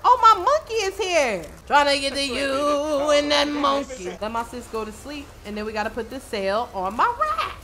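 A young woman commentating her own gameplay casually, brash and profane, shouting at the game. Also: high voice, very animated, normal speed, hardly any pauses, a crowd in the background. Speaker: gaming video host. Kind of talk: casual let's-play commentary.

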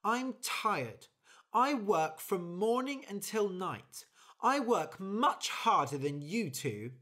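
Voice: mid-range voice, big pitch swings, slow pace, fairly bright tone, breathy edge, voice pushed up, full character voice. A storyteller voicing a tired, hard-working female bird who complains about doing too much work. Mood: fed up. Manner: indignant, complaining.

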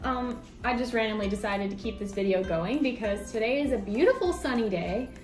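A bubbly, hyper American vlogger in her twenties rambles casually while gardening at home, both indoors and in the yard. Her voice is a little high and a little fast, with lively intonation and faint music behind it.

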